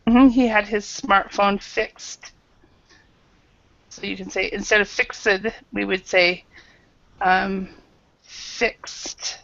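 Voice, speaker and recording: A woman's voice: mid-range voice, steady tone, takes it slowly, vocal fry, long pauses, fairly bright tone, no room sound, lo-fi sound. A woman teaching an online English grammar class, patiently calling on students by name and correcting their answers.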